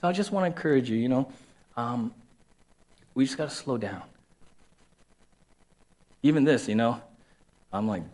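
A man's voice: mid-range voice, animated, moderate pace, pauses often, a little mellow. A man preaching a sermon as a pastor in a conversational way, repeating key phrases and acting out quoted voices.

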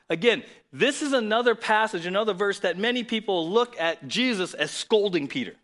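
Man, pastor, conversational sermon, rhetorical questions, high voice, very lively pitch. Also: a little fast, hardly any pauses. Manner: animated, conversational preaching with repeated rhetorical questions.

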